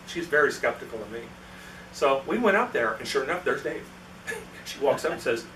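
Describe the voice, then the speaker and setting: A man speaks in a sing-song, bright, forceful way at medium pitch and normal speed, pausing often, while telling anecdotes as a guest at a club meeting and performing the characters' voices. The far-off mic catches the echoey meeting room and slight background noise.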